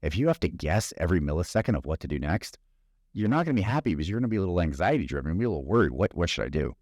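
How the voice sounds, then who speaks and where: Deep-voiced man giving a motivational talk. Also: sing-song, racing, a little mellow, no echo, studio quality. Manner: conversational, storytelling, asks rhetorical questions. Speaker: podcast host.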